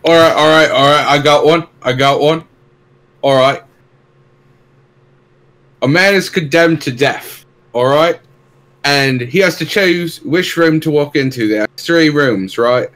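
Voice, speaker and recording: A man's voice: fairly high pitch, unhurried, long pauses, a bit bright. A man playing a tabletop game, hesitant and playful, cracking jokes. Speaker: player. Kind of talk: casual tabletop game play.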